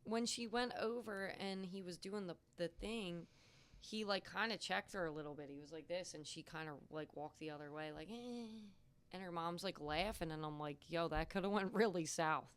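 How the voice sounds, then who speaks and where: A woman's voice: on the low side, normal speed, clean tone. A young woman co-hosting a podcast, telling stories in casual chat, swearing freely and acting out the people she quotes. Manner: animated storyteller, swears freely, acts out quotes. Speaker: podcast co-host.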